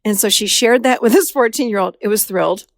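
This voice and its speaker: A woman's voice: medium pitch, brisk, dry recording, studio quality. A woman therapist hosting a podcast, telling a client's story casually and acting out the dialogue in a raised voice. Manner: animated, acts out dialogue in a raised voice.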